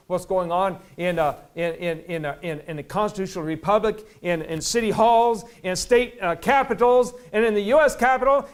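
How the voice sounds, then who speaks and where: A man preaching a sermon as pastor, reading scripture slowly and rising to loud, emphatic peaks. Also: on the high side. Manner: reads scripture slowly in old-fashioned wording.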